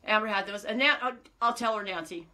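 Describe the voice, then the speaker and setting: A woman's voice: medium pitch, fast talker, sharp tone, far from the mic. A woman knitting vlogger talking in a rambling, self-mocking casual chat.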